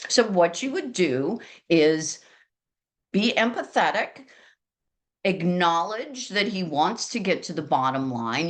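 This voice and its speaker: A woman with a slightly low, loud outdoor voice, teaching fellow agents about sales. She keeps it chatty and pokes fun at herself. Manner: lively, chatty and self-deprecating. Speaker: real estate agent sharing sales training. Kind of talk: training talk to colleagues.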